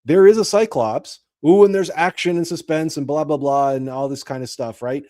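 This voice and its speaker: A man hosting a show, retelling and explaining a classic story in a deliberate, explanatory way. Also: on the high side, warm tone. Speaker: host.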